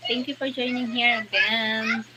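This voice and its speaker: A woman's voice: fairly high pitch, fairly even intonation, a little slow. A young woman with a Filipino accent chatting casually on a live stream, greeting and thanking viewers by name and mixing Tagalog with English. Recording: noisy background.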